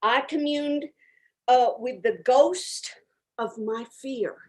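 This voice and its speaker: A woman's voice: high voice, slow pace. A woman playing an eccentric self-declared medium who answers questions in a rambling, frank way, full of ums and uhs. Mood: earnest. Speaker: guest answering audience questions. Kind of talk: improvised character comedy.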